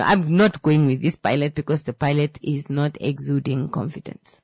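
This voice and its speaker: Low-pitched female radio host, earnest and lecturing, dry close mic. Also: normal speed, few pauses, dry recording. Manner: earnest, lecturing, rhetorical questions. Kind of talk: motivational radio talk.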